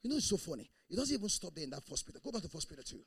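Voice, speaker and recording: A man preaching a sermon as pastor, animated, breaking into laughter and shouted bursts. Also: high-pitched, very fast, breathy edge, dry recording.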